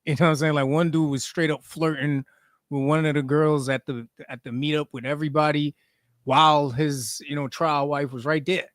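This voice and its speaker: Dry-sounding animated male podcast co-host. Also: on the high side, moderate pace, dry recording. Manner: animated, slangy, reads viewer comments. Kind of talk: casual chat.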